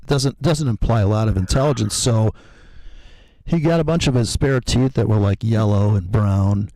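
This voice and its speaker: Gravelly, crude joking man. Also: fairly low pitch, moderate pace, warm tone, no echo, rough recording. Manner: crude, joking storyteller who swears freely. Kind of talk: casual chat.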